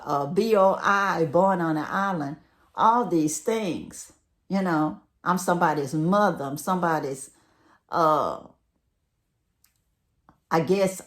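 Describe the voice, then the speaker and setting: A middle-aged woman with a Southern drawl talks in a low, unhurried voice. She gives friendly, folksy advice, speaking straight to her viewers. Her tone stays casual and conversational throughout. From United States. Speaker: vlogger giving relocation advice.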